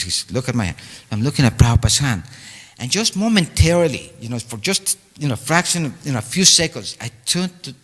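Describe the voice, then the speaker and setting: An older man telling a personal story at a memorial talk, halting and full of fillers and restarts. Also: mid-range voice, a bit bright, breathy edge. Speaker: devotee giving a homage talk. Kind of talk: storytelling reminiscence. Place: temple hall. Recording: long hall reverb.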